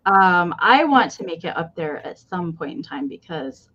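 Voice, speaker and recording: A woman's voice: on the low side, sing-song, normal speed, a bit bright, muffled recording. A woman hosting a live online sale, chatting casually and greeting viewers one by one. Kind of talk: casual livestream chat.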